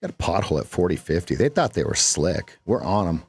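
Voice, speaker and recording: Animated man hosting a trading stream. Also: sits low, fairly quick, vocal fry, breathy edge. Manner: playful, jokey, lots of emphasis and laughter. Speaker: live trading stream host. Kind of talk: casual live-stream chat.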